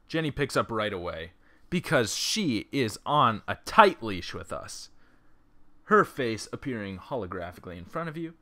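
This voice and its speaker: A man reads an interactive story game aloud and keeps breaking off into joking side comments. His voice is bright and forceful, recorded on a laptop's built-in mic. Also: mid-range voice, sing-song, measured pace. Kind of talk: reading a text game aloud with joking asides.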